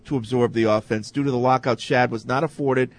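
A man hosting a sports radio show from the studio, with a plain middle-pitched voice. He talks in an easygoing, halting way with lots of fillers. He sounds like he is chatting casually with his co-hosts or reading out listener letters. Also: steady tone, no room sound.

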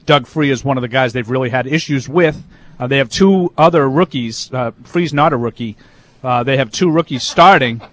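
A man's voice: mid-range voice, moderate pace, fairly bright tone. A man co-hosting a casual sports talk show, opinionated and argumentative, with lots of fillers. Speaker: sports radio co-host.

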